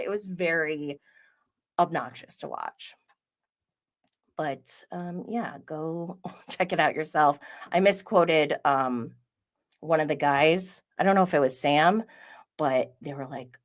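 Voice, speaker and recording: A woman's voice: fairly low pitch, unhurried. A woman hosting a casual solo recap, chatty and giggly, full of "like" and asides. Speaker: podcast host recapping reality TV.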